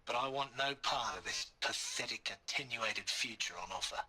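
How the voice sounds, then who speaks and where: A man's voice: medium pitch, moderate pace, pushed and bright. A man voicing a weary idealist who is facing his own end, speaking earnestly and reflectively in a game audio log.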